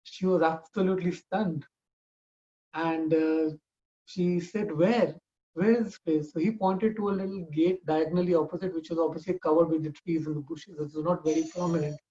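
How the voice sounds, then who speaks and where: A man's voice: fairly high pitch, flat delivery, brisk, dark tone, dull audio. A man telling a family story informally, talking conversationally with frequent restarts.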